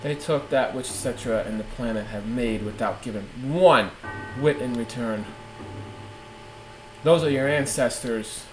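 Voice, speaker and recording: A man reading aloud the lines of a cold, aloof male villain swordsman from a game, in a lowered voice. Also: unhurried, reverberant, noisy background, natural voice. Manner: reads game dialogue aloud in a lowered, flat voice. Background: game music.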